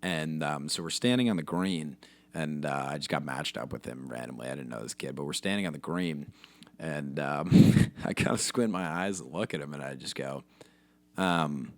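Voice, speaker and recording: A man's voice: a bass voice, moderate pace. A man hosting a podcast, delivering a profane, rambling comedic monologue full of fillers. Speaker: podcast host.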